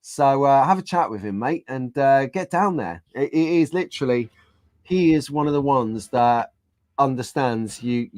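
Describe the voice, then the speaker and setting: A man's voice: medium pitch, animated, unhurried, a little mellow, no echo. A man hosting a casual live stream, reading out viewer comments and joking along with the chat. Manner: chatty, jokey, reads out viewer comments.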